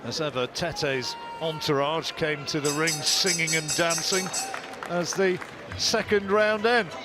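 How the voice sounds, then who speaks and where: A man doing live boxing commentary, measured play-by-play that lifts on big moments. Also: a little high, fairly even intonation, over music, a crowd in the background. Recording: commentary mix with loud arena noise.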